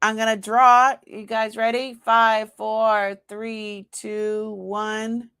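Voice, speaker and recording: Live sale host, woman, Boston accent, slow and chatty. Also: on the high side, clear, resonant tone. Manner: chatty, talks to herself while working the screen; excited squeals when announcing a winner. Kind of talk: live-stream chat.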